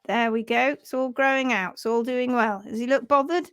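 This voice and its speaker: High-voiced, chatty woman host. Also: moderate pace, clean tone, no room sound. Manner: chatty, giggly, upbeat. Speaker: host of a horse care live show. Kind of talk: casual live-stream chat.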